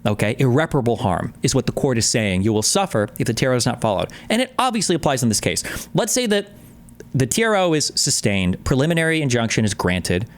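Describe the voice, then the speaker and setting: A man's voice: medium pitch, big pitch swings. A man streaming, giving blunt, profane commentary while he reacts to a video. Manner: blunt, profane, rapid interjections. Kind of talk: casual live-stream commentary.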